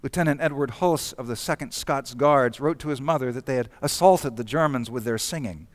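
A man giving measured, scripted narration of a historical documentary. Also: mid-range voice, dry recording. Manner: measured, storytelling delivery.

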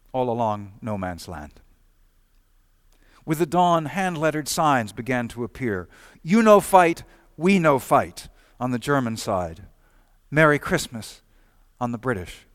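A man narrates a historical documentary in a measured, storytelling manner. His voice sits at an ordinary middle pitch, recorded close and dry with no room sound. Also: fairly bright tone, no room sound.

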